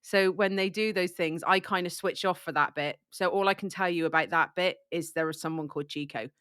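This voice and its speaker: A woman's voice: fairly low pitch, a little fast, a bit bright, smooth, dry recording, studio quality. A woman with a cold chatting casually about a book, full of "like" and restarts. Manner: chatty, lots of likes and restarts. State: has a cold, coughing. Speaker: book discussion co-host.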